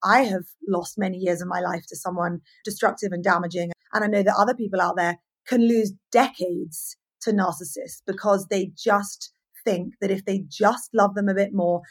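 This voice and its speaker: Husky-voiced woman podcast host. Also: medium pitch, moderate pace, few pauses. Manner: candid and animated, sharing personal stories. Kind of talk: casual podcast conversation.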